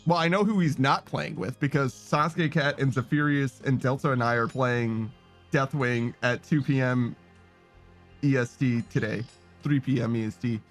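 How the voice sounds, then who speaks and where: A man's voice: medium pitch, normal speed, faint music behind. A man streaming a game in casual chat, reading messages aloud, rambling, swearing often and laughing a lot.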